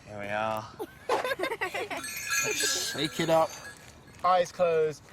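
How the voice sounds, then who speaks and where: A woman's voice: sits low, expressive, takes it slowly, heavy background noise. A woman presenting a children's game show, upbeat and teasing as she explains the rules to the kids. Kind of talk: lively TV presenting. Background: music.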